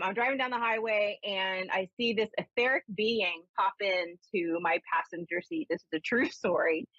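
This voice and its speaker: A woman who is a spiritualist minister and medium, telling her story in a chatty, animated way and then giving a caller a reading on a live show. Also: medium pitch, no echo. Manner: chatty storyteller, animated when quoting herself. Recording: dull lo-fi broadcast audio.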